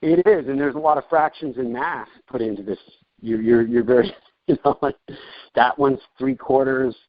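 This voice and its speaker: A man's voice: on the high side, expressive, normal speed, vocal fry, dry recording. A man hosting a podcast, rambling and joking through casual interview chat with many restarts. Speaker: podcast host. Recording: dull lo-fi dry podcast audio.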